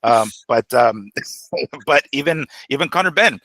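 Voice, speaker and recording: Man, boxing podcast co-host, bright forward tone, dry close mic, swears, animated breakdowns. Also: mid-range voice, measured pace, no echo. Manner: animated, profane, acts out quotes. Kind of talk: casual boxing analysis.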